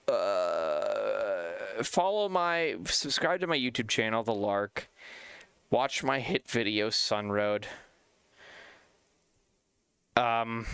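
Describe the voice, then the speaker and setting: Young streamer dude, crisp smooth voice, chatty, jumps way up in pitch when quoting people. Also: male voice, no echo. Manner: animated, acts out quotes with big pitch jumps; swears casually, repeats phrases. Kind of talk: casual storytelling chat.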